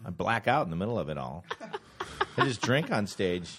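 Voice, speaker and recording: A man's voice: sits low, normal speed. A man who does stand-up comedy, talking casually and jokingly with plenty of swearing. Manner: animated, swearing, jokey. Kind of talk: casual chat.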